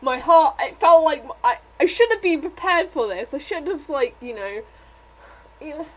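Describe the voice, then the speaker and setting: A woman's voice: high-pitched, animated, normal speed, fairly bright tone, slight background noise, rough recording. A young woman reviewing a book in a casual vlog, rambling with many fillers and getting emotional. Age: young adult.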